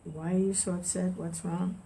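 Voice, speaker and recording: A woman voicing a calm, kind male monk who speaks in a gentle, reassuring way. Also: on the low side, normal speed, gravelly, a little hiss or hum.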